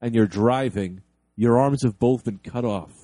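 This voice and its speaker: A man's voice: medium pitch, unhurried, warm tone, dry recording. A man narrating and directing an improv comedy sketch in a bossy, exasperated way.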